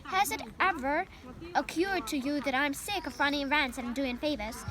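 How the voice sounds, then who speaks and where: A woman's voice: high voice, moderate pace, lightly acted. A young woman voicing a lazy, sarcastic male rat who grumbles and mocks in disgust, reading a storybook aloud.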